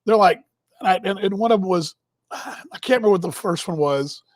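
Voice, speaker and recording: With a high voice and a brisk pace, this broadcast host, a man in his fifties from Texas, spins loose, rambling stories in a casual monologue, chuckling on the side and cutting himself off. There's no echo.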